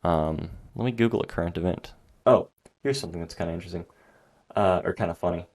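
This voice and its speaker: A man's voice: low-pitched, fast, darkish tone. A young man hosting a solo podcast, rambling and sarcastic, exasperated, a bit out of breath. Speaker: podcast host.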